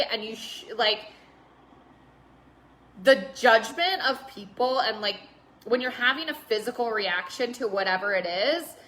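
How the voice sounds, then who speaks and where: A woman's voice: fairly high pitch, sharp tone. A woman hosting a casual live stream, chatty and earnest, with lots of "like" and fillers. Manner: chatty, heavy use of "like" and fillers; open and earnest.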